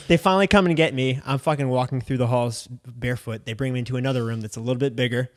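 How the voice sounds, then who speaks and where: A man's voice: medium pitch, quick pace. A young man hosting a podcast, telling a crude story in a casual style and often laughing through it. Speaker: podcast host.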